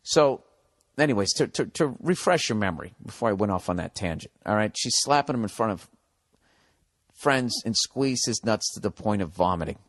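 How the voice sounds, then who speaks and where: A man's voice: fairly low pitch, normal speed, no room sound, clean studio sound. A man hosting a podcast, ranting casually and with a lot of profanity, drifting off on comic tangents. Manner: profane, animated, goes off on tangents. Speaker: podcast host. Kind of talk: casual comedic rant.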